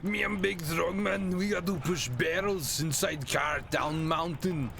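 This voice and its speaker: Man putting on a dumb brute strongman, higher than his own voice, broken grunting speech, game noise behind. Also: measured pace, vocal fry. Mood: boastful. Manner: caveman-style broken speech, boastful. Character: dim-witted brutish strongman, male adult.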